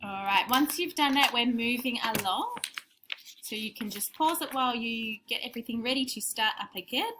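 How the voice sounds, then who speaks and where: Bright-voiced woman teacher, faint hiss. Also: a little high, expressive, moderate pace. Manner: clear, instructive, sounding words out. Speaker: primary school teacher. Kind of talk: recorded spelling lesson for young children.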